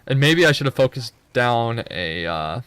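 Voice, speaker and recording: A man's voice: medium pitch, very animated, a little slow, a bit bright, smooth. A young man giving loose, profane, rambling commentary over his own gameplay footage, full of joking asides.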